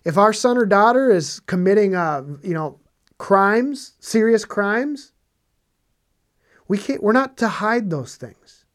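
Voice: medium pitch, animated, takes it slowly. A Bible teacher preaching on scripture in a conversational way, stressing points by repeating phrases and asking rhetorical questions.

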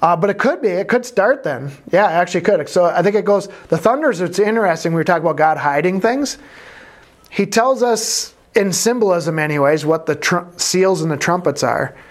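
A man's voice: high voice, lively intonation, a little fast. A man teaching a conversational Bible study, thinking aloud and correcting himself as he explains.

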